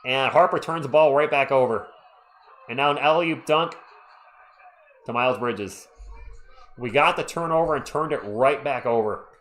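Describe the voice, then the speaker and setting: A man's voice: medium pitch, normal speed, long pauses, a bit bright. A man hosting a live stream, giving casual fan play-by-play of a basketball game and chatting with viewers between plays.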